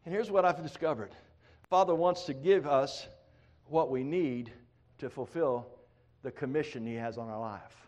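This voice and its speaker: A middle-aged man preaching a sermon, acting out prayers in a raised pleading voice, then dropping low. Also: normal speed, darkish tone.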